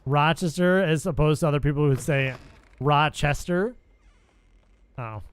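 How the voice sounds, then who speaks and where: Playful young streamer man, slightly high voice. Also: quick pace, a little mellow, clean tone. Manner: playful, bantering with chat. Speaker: gaming streamer. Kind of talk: casual live-stream chat over gameplay.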